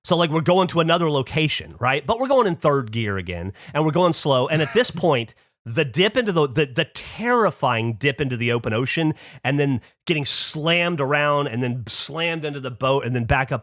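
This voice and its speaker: A man hosting a podcast who tells a story in casual chat. He is animated, swears casually and acts out other people's lines. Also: medium pitch, dry recording, studio quality. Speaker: podcast host.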